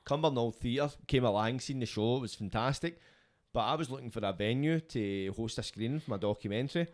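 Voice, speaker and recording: Relaxed man interviewing. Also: medium pitch, brisk. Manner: relaxed, chatty, with listening murmurs. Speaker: interviewer, host. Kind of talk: casual interview chat.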